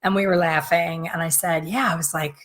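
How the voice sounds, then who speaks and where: A middle-aged woman with a slightly raspy voice tells a long, rambling story straight to her viewers. She talks casually and acts out the lines of the people in her story. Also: fairly low pitch, fairly even intonation, brisk, fairly bright tone. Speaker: hair colorist and business coach. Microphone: facing camera, talking straight to viewers.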